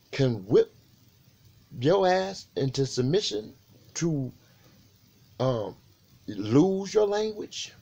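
Gravelly, animated man ranting casually. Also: sits high, highs cut off. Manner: rhetorical questions, profane, rambling. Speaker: video channel host. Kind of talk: casual monologue to camera.

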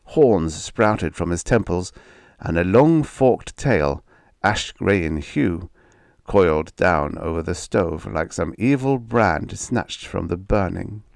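A man narrating a dark vintage story as an audiobook reader, with measured, dramatic storytelling. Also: low-pitched, animated, gravelly, no room sound, clean studio sound.

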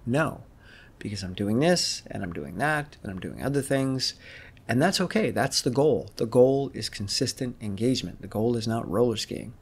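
Husky-voiced man in his fifties. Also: medium pitch, expressive, moderate pace. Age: 50s. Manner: reflective, thinking aloud. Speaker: fitness vlogger. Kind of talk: casual vlog monologue.

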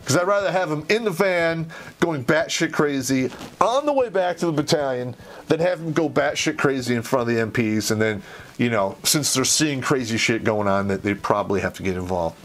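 A man casually telling an army anecdote, swearing constantly and retelling it with animated energy. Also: fairly high pitch, a little fast, a little hiss or hum. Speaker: army veteran storyteller.

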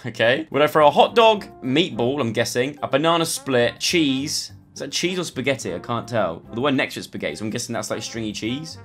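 A man's voice: mid-range voice, lively intonation, brisk, hardly any pauses, a bit bright, soft background music. A young man chatting and thinking aloud as he plays through online quizzes for his channel. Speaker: YouTuber. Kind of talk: casual commentary playing online quizzes.

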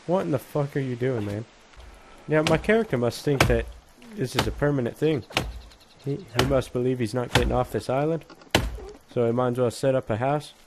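A man's voice: mid-range voice, normal speed, heavy background noise. A man giving casual, crude, joking commentary over a video game, swearing often. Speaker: gameplay commentator. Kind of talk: casual let's play commentary.

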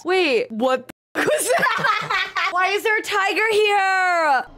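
A woman's voice: extremely high pitch, animated, very slow, sharp tone, slight background noise. A woman hosting an anime reaction, exclaiming, laughing and swearing as she watches, with the show's music playing behind her. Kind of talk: casual live reaction commentary. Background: anime episode audio with music.

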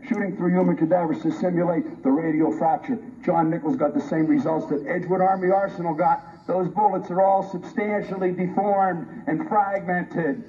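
A man's voice: high voice, dark tone. A man, a forensic pathologist, giving a combative, sarcastic, emphatic debate speech to a colleague. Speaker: forensic pathologist on a review panel. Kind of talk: heated public debate speech. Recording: muffled lo-fi archive recording with faint hiss.

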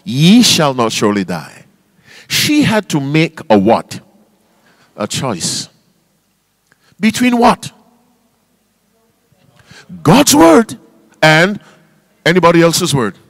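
This pastor pitches his voice on the high side, swooping wildly, drawing out words and pausing often. He reads scripture emphatically in King James wording, spelling out words for stress, and poses call-and-response questions to his congregation. There is no room sound.

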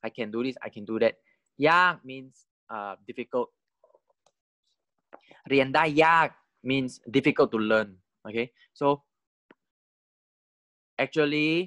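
A man teaching a language online, explaining slowly and mixing in words from other languages. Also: medium pitch, fairly bright tone, smooth, no echo. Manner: slow explaining, mixing in Thai and Chinese words.

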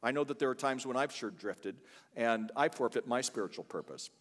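A man's voice: medium pitch, animated, a little fast, a bit bright, big-room sound. An older man, a guest pastor, preaching a sermon full of chatty, humorous family stories in a church. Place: church sanctuary.

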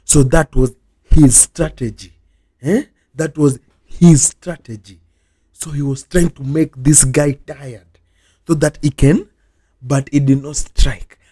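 A man's voice: a little high, fairly even intonation, slow pace, warm tone, slightly rough. A man vlogging a repetitive reaction rant, sounding exasperated and repeating the same phrases over and over. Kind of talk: repetitive ranting vlog reaction.

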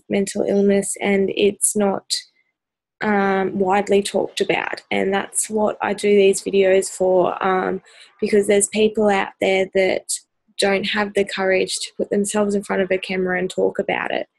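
A tired Australian vlogger addresses the camera in an earnest, hesitant way, her gravelly, fry-laden voice low on energy and a little slow. She keeps a flat, level tone and pauses often on ums while searching for words. The audio is poor, dry and close-miked, without echo.

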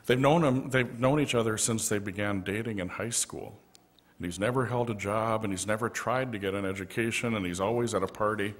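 Brief: male pastor, slightly low voice, gentle storyteller in a church sanctuary. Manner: gentle storytelling with soft asides. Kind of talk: storytelling sermon.

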